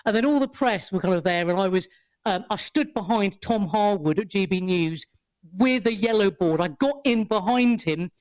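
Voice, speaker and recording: A woman, a podcast guest who tells a story in casual chat, animated, swearing freely and laughing often. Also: mid-range voice, normal speed.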